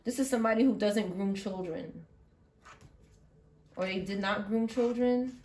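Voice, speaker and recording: A woman giving an intuitive tarot reading, thinking aloud, halting and repeating herself. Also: mid-range voice, a little mellow. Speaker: tarot reader.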